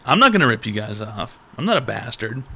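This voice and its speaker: A man hosting a live online advice show, riffing in animated, profane banter. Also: lowish voice, fairly quick, gravelly, husky. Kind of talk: livestream banter.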